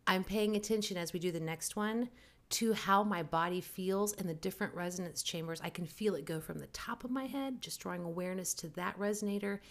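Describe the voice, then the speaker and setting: Calm woman voice teacher. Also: on the low side. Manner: calm, encouraging instruction with cues to body awareness. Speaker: voice teacher and podcast host. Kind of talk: guided vocal warm-up lesson.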